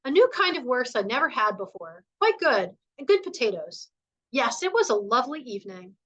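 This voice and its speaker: Unruffled older nanny, slow and measured, bright voice, read by a woman. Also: fairly high pitch, big pitch swings, dull audio, pitched above the performer's own voice. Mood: calm. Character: calm older nanny who quotes poetry.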